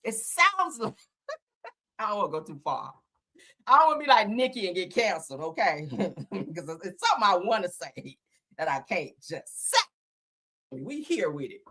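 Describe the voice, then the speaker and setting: A woman's voice: medium pitch, big pitch swings, normal speed, sharp tone. A woman hosting a livestream, giving blunt, profane commentary and often laughing as she talks. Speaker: livestream host.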